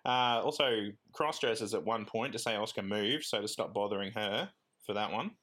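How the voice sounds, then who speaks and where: A man's voice: fairly low pitch, normal speed, fairly bright tone. A man, co-hosting a podcast in casual chat, joking and laughing often and slipping into silly voices. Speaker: podcast co-host.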